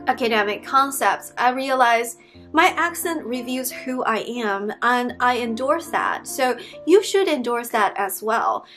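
A young woman talking straight to camera in a chatty, earnest way, filling her sentences with "like." English is her second language, and her voice sits a little high. Soft music plays faintly underneath. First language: not English. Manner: earnest, chatty, frequent "like" fillers. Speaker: vlogger giving language-learning tips. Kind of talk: casual talk to camera.

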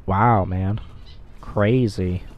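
A young man giving excitable, profanity-heavy commentary while playing a video game, with frequent loud outbursts. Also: lowish voice, very slow, muffled recording. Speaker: gamer. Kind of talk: let's play commentary.

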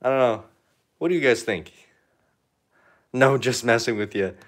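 A man's voice: mid-range voice, moderate pace. A young man chatting casually on a painting livestream, rambling and joking with lots of fillers. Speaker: art livestreamer.

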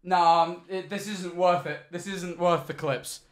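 A young man streaming live, reacting to clips with excited chatter, loud exclamations and frequent swearing. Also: sits high, unhurried.

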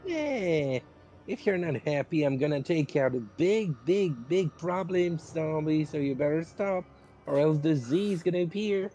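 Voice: medium pitch, animated, a little slow, warm tone, soft background music. A teammate chatting casually during an online game, playful and giving tips. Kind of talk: casual gaming chat.

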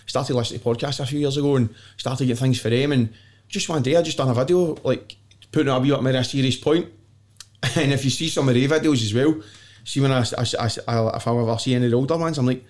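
This fast talker has a mid-range, darkish voice and a Glaswegian accent. On a podcast as a guest, he spins stories in casual chat, blunt and self-mocking, laughing often and cursing freely.

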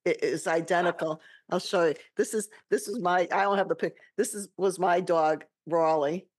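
A woman's voice: on the low side, steady tone, moderate pace. A woman hosting a podcast, sharing a personal story in casual chat, often laughing through it. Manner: chatty, laughs often, emotional. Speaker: podcast host.

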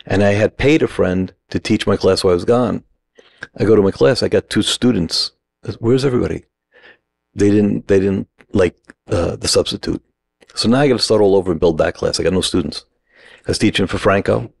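A middle-aged man with a low, gravelly voice tells a story in short, punchy sentences. He slips into the other people's voices as he acts out their lines. The sound is dry and close. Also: brisk, no echo. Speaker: acting teacher, podcast guest. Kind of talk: animated storytelling.

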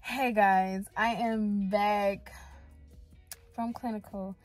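Young female vlogger, unhurried and talkative, phone held at arm's length, faint music under her. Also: mid-range voice, poor audio. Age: young adult. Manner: chatty and expressive, lots of slang and fillers. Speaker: radiography student vlogger. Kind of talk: casual vlog chat.

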